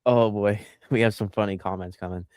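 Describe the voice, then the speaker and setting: A man's voice: fairly low pitch, brisk, clean tone, no echo, clean studio sound. A man co-hosting a casual sports podcast, chatting, joking and reading out viewer comments. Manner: animated, jokey, reads out live comments. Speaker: podcast co-host.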